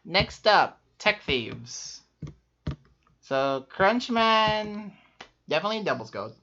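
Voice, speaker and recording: Guy rattling off rankings, laughy and quick, kinda muffled lo-fi sound. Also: high voice, big pitch swings, sharp tone, a little hiss or hum. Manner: quick, upbeat, laughs often, many fillers. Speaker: co-host ranking players. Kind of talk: casual chat. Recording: muffled lo-fi audio.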